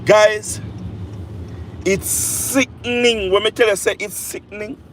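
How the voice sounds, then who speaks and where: A man's voice: high-pitched, little pitch movement, slight background noise. A Jamaican man giving an impassioned political rant on a live stream, repeating phrases with heavy emphasis. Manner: repetitive, emphatic, drawn-out phrases.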